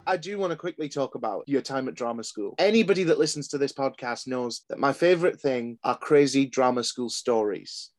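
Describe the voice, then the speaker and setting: A man's voice: mid-range voice, lively intonation, a little fast, few pauses. A man hosting a podcast, asking friendly questions in casual chat. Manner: brief reactions and friendly questions. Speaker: podcast host.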